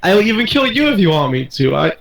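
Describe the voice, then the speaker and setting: A young man pitches himself in a joking improv game with flat, repetitive rambling. His voice is a touch high, and the room adds a noticeable echo. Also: quick pace, gravelly, a loud crowd. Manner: deadpan, rambling, repeats himself. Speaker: player in an improv party game.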